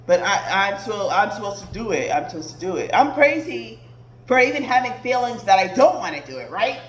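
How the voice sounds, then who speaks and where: A woman's voice: mid-range voice, very animated, a little fast, slight background noise. A woman hosting a podcast, ranting in a blunt, profane casual monologue. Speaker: podcast host. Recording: roomy echoey recording.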